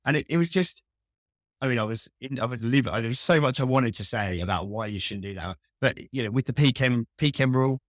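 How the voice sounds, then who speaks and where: A man's voice: mid-range voice, quick pace, no echo, clean studio sound. A man, a customer experience expert, chatting as a podcast guest and telling wry, self-mocking stories. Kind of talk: casual interview conversation.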